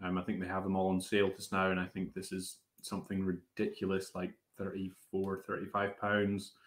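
A man's voice: deep voice, monotone, brisk. A man hosting a whisky tasting, chatting casually with many fillers and restarts. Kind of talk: casual live tasting chat. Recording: roomy echo.

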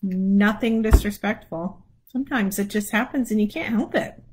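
A woman's voice: mid-range voice, normal speed, a little mellow, husky, low-quality recording. A woman leading a livestreamed prayer, chatting casually and laughing as she keeps yawning, speaking from a room at home. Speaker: prayer leader. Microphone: phone or webcam livestream.

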